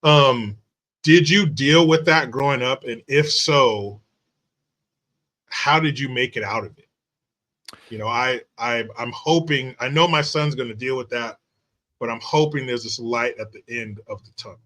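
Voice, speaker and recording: A man's voice: medium pitch, unhurried, pushed and bright. A man hosting a casual interview, chatty and meandering as he sets up long questions. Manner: chatty, meandering, many fillers. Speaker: podcast host.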